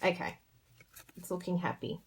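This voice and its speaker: An Australian woman hosting a casual craft tutorial, chatty and bubbly as she talks through each step while working with her hands. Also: normal speed.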